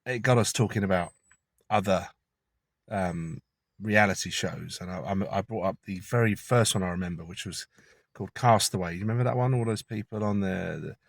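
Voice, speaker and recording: Man, low voice, dry close sound, chatty conspiratorial car vlog rant. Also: moderate pace, vocal fry, no echo. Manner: chatty, conspiratorial, swears casually. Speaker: vlogger. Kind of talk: rambling opinion monologue.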